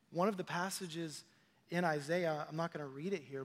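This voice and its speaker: A man with a high voice preaches a sermon, chatting with his listeners, telling personal stories and asking them questions. His voice rings out in a large hall with a long reverb. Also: normal speed. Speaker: pastor.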